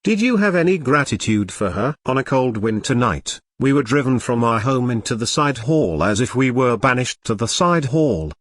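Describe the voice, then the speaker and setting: A man's voice: medium pitch, lively intonation, normal speed, few pauses, close to an everyday voice. A man voicing a defiant young prince who confronts his father with accusing questions.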